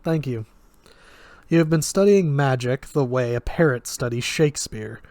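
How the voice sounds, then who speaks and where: A man voicing a sardonic male magic professor who speaks in a flat, lecturing way with a Russian accent. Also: mid-range voice, moderate pace, dry recording, lightly acted. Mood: sarcastic.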